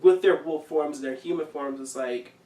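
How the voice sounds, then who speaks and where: A man's voice: on the high side, normal speed. A man on a podcast panel, animatedly critiquing a film in casual discussion and often restarting his sentences. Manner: animated, restarts a lot, pushes back. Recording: roomy room, distant mic.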